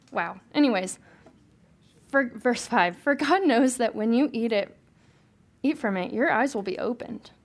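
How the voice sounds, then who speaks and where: A woman's voice: on the high side, creaky. A young woman leading a casual Bible study, talking informally, asking the group questions and laughing easily.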